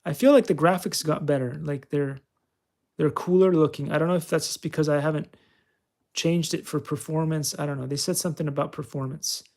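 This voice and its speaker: Male host, gravelly texture, chatty and self-mocking, narrating his own gameplay. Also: a little high, fairly even intonation, fairly quick, darkish tone. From California. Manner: chatty, self-mocking, talks to himself while playing. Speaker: channel host. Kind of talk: casual gameplay commentary.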